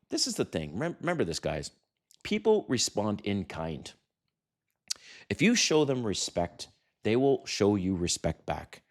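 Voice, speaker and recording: A middle-aged man giving dating advice to camera in a brash, profane, animated way, acting out quotes. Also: medium pitch, measured pace. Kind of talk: casual to-camera talk. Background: sirens outside.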